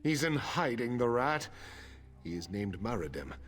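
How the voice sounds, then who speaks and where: An actor voicing a gruff, suspicious male soldier in a video game, blunt and scornful. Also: mid-range voice, sing-song, a little slow, a bit bright, faint music behind.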